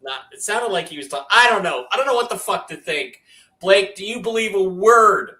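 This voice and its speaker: Brash, bright-voiced male talk show host. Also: sits high, fairly quick, poor audio. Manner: brash, profane, animated storytelling. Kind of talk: casual panel talk show.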